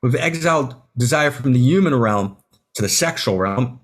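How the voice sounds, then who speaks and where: Husky, emphatic man on a video call. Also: mid-range voice, expressive, moderate pace. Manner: emphatic, tags many phrases with "right?"; emotional, near tears at times. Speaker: author guest. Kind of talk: passionate conversation.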